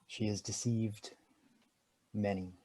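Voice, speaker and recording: A man playing his character in a tabletop game, speaking calmly and earnestly. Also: on the low side, slightly rough. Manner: calm, earnest, measured. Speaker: player. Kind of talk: in-character tabletop role-play.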